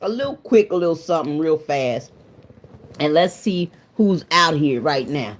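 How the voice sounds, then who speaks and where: Deep and expressive, a woman speaks at a measured pace while hosting a relaxed livestream. She calls out viewers by name, opens up emotionally, and laughs a lot.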